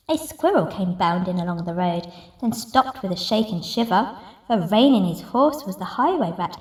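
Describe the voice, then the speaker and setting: A woman reading a picture book aloud in an expressive, rhythmic way. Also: mid-range voice, normal speed. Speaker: masked story reader. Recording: roomy echo, distant mic.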